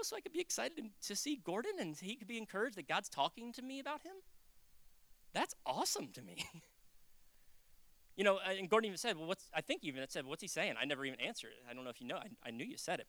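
A male pastor delivering a sermon in a casual, storytelling way, his voice bright and forward. He acts out quotes in loud, raised bursts, then drops to near-whispered asides. The sound is dry and close, with no room around it. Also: high voice, no echo. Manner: conversational preaching, swinging between loud acted quotes and hushed asides.

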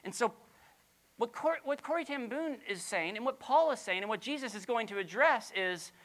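A middle-aged pastor preaching a sermon, animated, with playful asides and rhetorical questions, dropping to a soft, low voice on key lines. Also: normal speed.

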